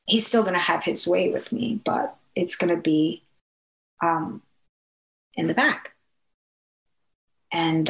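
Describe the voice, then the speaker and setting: A woman telling a personal story in a halting, conversational way, with many fillers and restarts. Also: sits low. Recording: echoey room.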